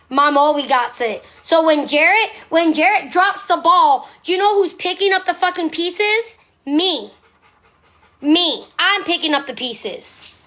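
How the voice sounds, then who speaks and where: Woman, livestream rant, defensive, profane, rhetorical questions, piercing high tone, bright. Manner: barks short commands at her dog.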